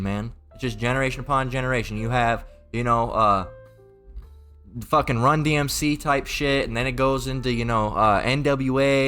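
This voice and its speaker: A man's voice: mid-range voice, sharp tone. Crude, rambling man ranting a sermon. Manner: mocking, crude, repetitive, stumbling restarts. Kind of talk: profane rambling religious rant.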